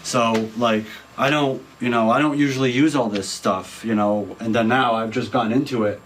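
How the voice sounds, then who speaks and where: A man's voice: mid-range voice, steady tone, moderate pace, poor audio. A man who plays guitar, casually showing off his gear in a blunt, laid-back way and swearing now and then. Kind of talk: casual show-and-tell about his gear.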